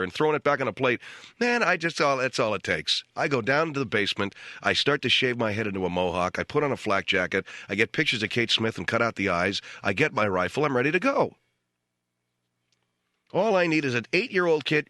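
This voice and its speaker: A middle-aged man hosting a radio comedy show, delivering a deadpan ranting monologue that jumps into shouted quoted voices. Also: mid-range voice, a little fast, no echo, studio quality. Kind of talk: comic monologue. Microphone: studio radio mic.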